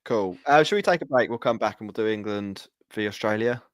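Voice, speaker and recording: A man's voice: lowish voice, fairly quick, dry recording, studio quality. Joking, laid-back male podcast host. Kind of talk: casual podcast chat.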